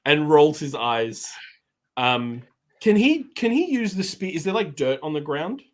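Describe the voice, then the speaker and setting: A man playing a tabletop game in casual chat, speaking slowly and hesitantly, and laughing often. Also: a little high, big pitch swings. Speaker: player.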